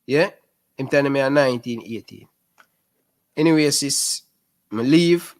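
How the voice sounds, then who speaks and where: A man in his twenties with a Jamaican Patois accent, a guest telling lively stories in a casual interview. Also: medium pitch, measured pace. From Rema, Jamaica. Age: 20s. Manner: lively storyteller who keeps calling the host "sis".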